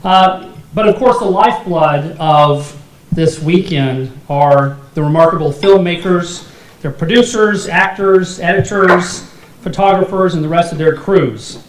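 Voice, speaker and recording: High-voiced male emcee in an echoey hall. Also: measured pace. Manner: jokey, laughs at own asides. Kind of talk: awards dinner emcee speech. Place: banquet hall. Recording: echoey hall, faint noise.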